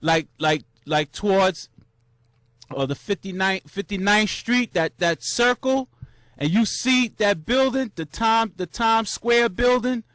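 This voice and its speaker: High-voiced New man telling a story. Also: slow, no room sound, studio quality. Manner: animated, acts out cheering crowds in high shouts; loose, repetitive slang with many restarts. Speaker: vlogger recounting a marathon. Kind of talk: casual storytelling monologue.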